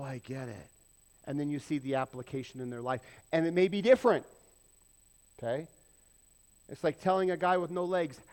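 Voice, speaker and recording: A middle-aged male pastor preaching a relaxed, talky sermon in a church. His voice sits a little high for a man, and he fills it with self-deprecating asides and acted-out quotes. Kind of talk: conversational sermon. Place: church sanctuary.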